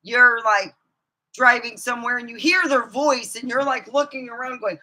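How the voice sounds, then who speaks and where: A woman ranting profanely to her camera, swinging from low muttering to outbursts of shouting. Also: normal speed. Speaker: vlogger. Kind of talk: angry ranting monologue.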